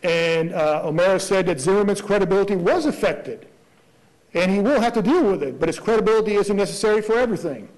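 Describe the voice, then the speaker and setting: High-voiced man arguing in court. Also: fast, a little mellow, poor audio. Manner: earnest, rhetorical questions, frequent restarts. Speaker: prosecutor. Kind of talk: courtroom argument.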